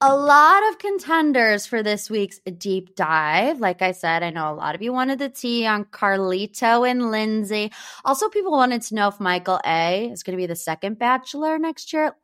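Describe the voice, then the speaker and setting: A young woman from Northeast Ohio hosting a pop culture gossip podcast, chatty and animated. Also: on the high side, normal speed, smooth. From Northeast Ohio, United States. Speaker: podcast host.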